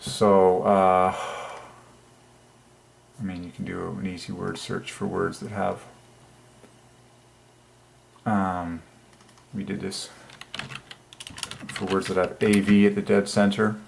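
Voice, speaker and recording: A man hosting his own channel, musing aloud at his computer in an enthusiastic, halting way with many fillers. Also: low voice, flat delivery, creaky, slight background noise. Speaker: channel host. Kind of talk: religious numerology screen talk.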